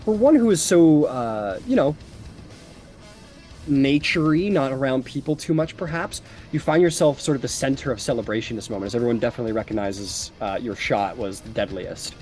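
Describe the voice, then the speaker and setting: A man's voice: medium pitch, brisk, a little mellow. A man narrating a tabletop game as game master, in a loose, casual style full of fillers. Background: faint background music.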